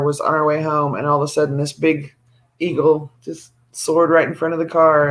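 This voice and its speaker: A man with a fairly high voice co-hosts a casual livestream. He chats freely, tells little stories and teases his partner in an easygoing, talkative way. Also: fairly bright tone. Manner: chatty, storytelling, teasing. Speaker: livestream co-host.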